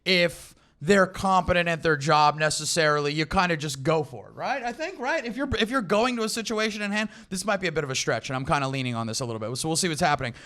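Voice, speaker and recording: A man with a high voice hosts a comedy chat. He weighs each story in a mock-formal, measured way, as if he were handing down a ruling. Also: animated, bright, forceful tone. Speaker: podcast host.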